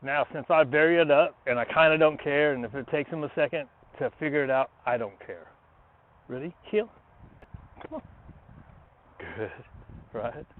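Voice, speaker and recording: A man training his dog outdoors, talking himself through it in a relaxed way between short commands to the dog. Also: on the high side, normal speed, long pauses. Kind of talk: casual training explanation. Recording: tinny phone-like, noisy outdoors.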